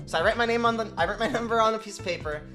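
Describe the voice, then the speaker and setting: A man's voice: sits high, sharp tone, faint music behind. A young man telling a casual story to his stream, full of slang and swearing, acting out the people in it. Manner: fast slangy storytelling, quotes people in their voices; swearing, repeats "you know what I'm saying".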